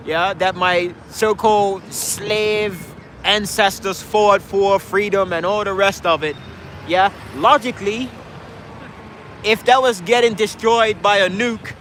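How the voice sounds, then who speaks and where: A man holds forth outdoors in a heated, rhetorical street speech, throwing challenges at the crowd. His voice sits high and bright, pressing hard on every point. Faint traffic hums in the background. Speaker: street speaker. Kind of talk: impassioned street debate speech. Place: outdoors in a city park.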